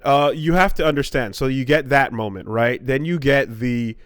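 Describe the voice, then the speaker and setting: A man's voice: medium pitch, moderate pace, smooth, no echo. Profane, ranting man on a podcast. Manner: profane, rambling storytelling rant. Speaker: podcast co-host. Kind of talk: casual podcast chat.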